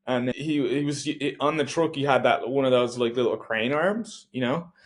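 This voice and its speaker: A man's voice: mid-range voice, moderate pace. A man talking casually on a podcast, rambling through a thought with lots of restarts. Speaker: podcast co-host.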